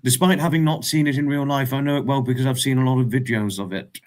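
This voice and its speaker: A man's voice: medium pitch, steady tone, fast talker, a little mellow. A man hosting a casual livestream, reading chat messages aloud and reacting with frequent laughs.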